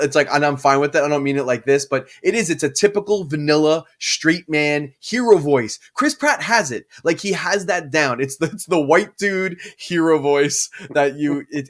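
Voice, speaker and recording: Male podcast co-host; loose, rambling, animated delivery with casual swearing. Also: a little high. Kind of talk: casual chat.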